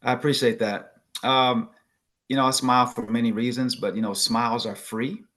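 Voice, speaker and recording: A man's voice: medium pitch, fairly even intonation, normal speed, fairly bright tone. A man from Chicago speaking as a guest on a video call, upbeat and earnest about what he believes. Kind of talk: casual talk, motivational.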